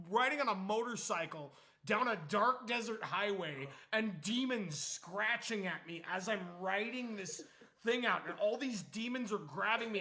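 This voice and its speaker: A young man streaming, chatting casually and telling a story with lots of swearing and loud, animated retellings. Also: high voice. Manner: animated, swears freely, acts out quotes loudly.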